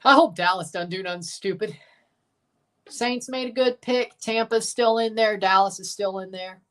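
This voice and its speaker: A man's voice: high-pitched, normal speed, fairly bright tone, far from the mic. A man hosting a livestream, giving casual, offhand reaction commentary with muttered asides and casual swearing. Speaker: livestream host.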